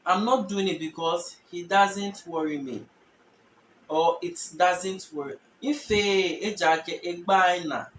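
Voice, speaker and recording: A man teaching a language lesson, explaining patiently and repeating example phrases slowly with stressed tones. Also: sits high, a bit bright, reverberant, recorded from a distance, a little hiss or hum, poor audio.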